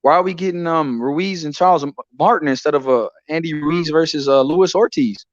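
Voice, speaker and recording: Excitable man, dry lo-fi sound. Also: a little high, brisk, no room sound. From Texas. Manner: excitable, repeats himself, says "man" a lot. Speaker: boxing show host. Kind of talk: casual live-stream boxing chat. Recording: dry, dull lo-fi stream audio.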